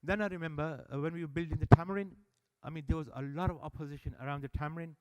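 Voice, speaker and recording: Speaking rapid-fire in a clear, resonant, somewhat high voice, an animated man addresses an annual meeting in a hall as a service user speaker. His public speech is built on stories, with dialogue acted out.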